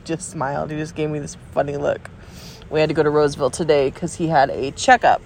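A woman's voice: low voice, fairly even intonation, normal speed, a little hiss or hum. A tired, stuffy woman rambling in a casual recorded message to a friend, encouraging and trailing off, with yawns between thoughts. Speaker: friend sending a video message. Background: dog barking.

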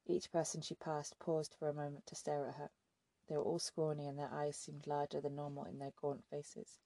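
A woman narrating an audiobook in a steady, measured way. Her voice is gravelly and husky, dark in tone, with a flat, even line. The sound is dry and close. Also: deep voice, no room sound. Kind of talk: scripted narration.

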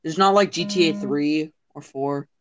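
A man's voice: fairly high pitch, normal speed, a bit bright, faint music behind. A young man in casual chat, blunt and brief, repeating his point. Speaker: podcast co-host. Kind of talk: casual chat among friends.

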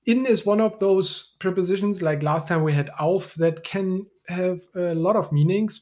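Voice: mid-range voice, a little mellow. A podcast host with a German accent, teaching a language lesson patiently and step by step. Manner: patient, explains step by step with fillers.

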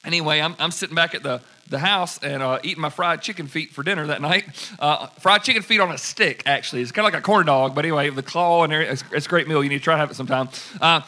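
Animated preacher with bright voice. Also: male voice, fairly high pitch, fast. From United States. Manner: animated, acts out quoted dialogue. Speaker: pastor. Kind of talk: sermon storytelling.

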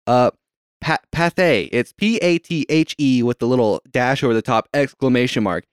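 A man's voice: mid-range voice, moderate pace, smooth, no room sound, studio quality. A young man hosting a casual movie commentary track, laid-back and profane, laughing often.

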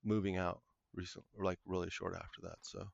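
Male guest, halting storyteller, husky fry in the voice, dry close sound. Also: sits low, little pitch movement, dry recording. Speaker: podcast guest. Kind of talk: telling a paranormal story. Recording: muffled lo-fi audio.

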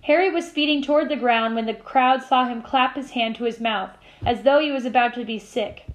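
A woman teacher reading a novel aloud to her class, with steady storytelling and small slips she corrects. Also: on the high side, a little fast, low-quality recording.

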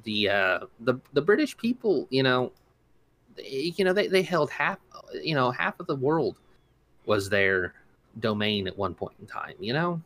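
A man's voice: mid-range voice, big pitch swings, measured pace, fairly bright tone. A man riffing on a casual podcast, rambling and stumbling through his points with growing indignation. His voice sits in an ordinary middle register. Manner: rambling, indignant, many restarts and fillers. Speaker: podcast co-host. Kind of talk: casual opinion commentary.

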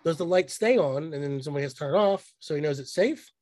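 A man co-hosting a podcast in casual chat, excited and profane, mocking what he talks about. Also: a little high, no room sound. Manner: excited, profane, mocking, quick bursts of mimicry. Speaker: podcast co-host.

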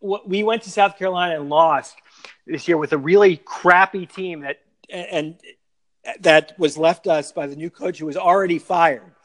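Animated man chatting on a sports podcast. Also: fairly high pitch, normal speed. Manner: animated, laughing, stumbling restarts. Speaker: podcast co-host. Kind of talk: casual sports podcast chat.

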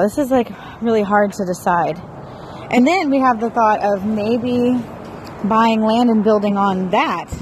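A woman in her thirties talks to her viewers in a loose, chatty way, her voice jumping up in excited bursts and then settling back down. She sits in an ordinary middle range for her pitch, with a faint hiss of noise and outdoor air behind her. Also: rough recording. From Florida. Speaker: vlogger. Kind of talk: casual vlog chat.

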